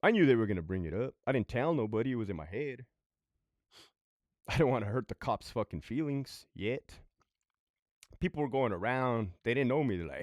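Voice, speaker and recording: A former prison sergeant tells a story in a casual, conversational monologue that's blunt and full of swearing. His fairly low voice is animated and fairly quick, recorded with clean studio sound and no room echo.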